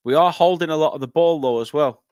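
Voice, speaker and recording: A young northern English man hosting a live football watchalong, chatting with viewers and breaking into excited play-by-play. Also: fairly high pitch, fast talker, smooth, dry recording, clean studio sound. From northern England. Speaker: fan channel host.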